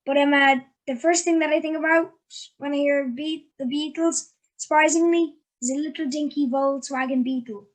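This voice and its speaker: A woman's voice: high voice, fairly even intonation, moderate pace, few pauses. A woman hosting a casual interview, chatty and giggly, with lots of ums and likes. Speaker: interviewer and host.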